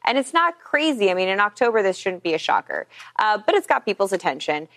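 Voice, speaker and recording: A woman's voice: medium pitch, sing-song, quick pace, fairly bright tone. A woman meteorologist chatting through a weather forecast on air, explaining things in a friendly, upbeat way.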